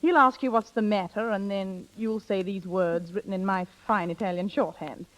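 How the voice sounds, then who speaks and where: A woman's voice: mid-range voice, steady tone, normal speed, close to an everyday voice, rough recording. An actress playing a worldly older woman, a former secretary, coaxing and theatrical in a vintage radio drama. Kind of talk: 1940s radio acting.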